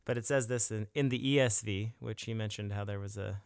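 A man's voice: lowish voice, fairly even intonation, brisk, gravelly, smooth, no room sound, studio quality. A man co-hosting a church podcast, chatting casually and thoughtfully, laughing now and then. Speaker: podcast co-host.

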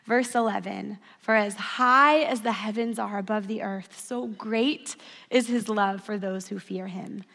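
A woman's voice: medium pitch, steady tone, measured pace, vocal fry, fairly bright tone. A woman in her thirties giving an earnest sermon, telling stories and leading call-and-response. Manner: earnest, storytelling, leads the audience in call-and-response. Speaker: speaker at a church service. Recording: long hall reverb.

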